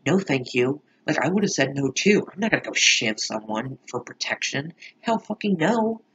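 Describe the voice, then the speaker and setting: A man's voice: on the high side, very animated, moderate pace, a bit bright, slightly rough, muffled recording. A man giving a rambling, profane, emphatic reaction commentary on a TV episode. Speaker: show reaction vlogger.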